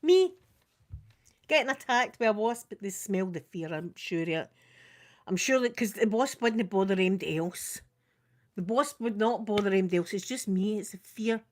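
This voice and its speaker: A woman's voice: mid-range voice, normal speed. An older woman with a Scottish accent, chatting casually on a live makeup vlog and acting out her stories. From Scotland. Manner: animated storyteller, acts out screams and quotes. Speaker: makeup vlogger. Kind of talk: casual storytelling during a live makeup stream.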